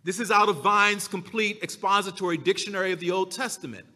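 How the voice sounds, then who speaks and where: A man preaching a sermon as pastor, slow and emphatic, drawing out his key words. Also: high-pitched, bright, forceful tone, big-room sound.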